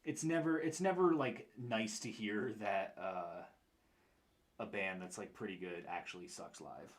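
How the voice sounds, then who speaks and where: A man's voice: lowish voice, unhurried. A young man with an upstate New York accent, chatting casually on a stream and answering his chat in a rambling way. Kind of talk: casual chat while painting miniatures.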